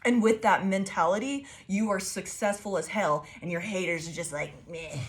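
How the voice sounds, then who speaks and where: A woman giving a casual tarot reading to her viewers, excitable and profane, rambling and restarting her sentences. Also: mid-range voice, normal speed. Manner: excitable and profane, laughing often. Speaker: tarot reader.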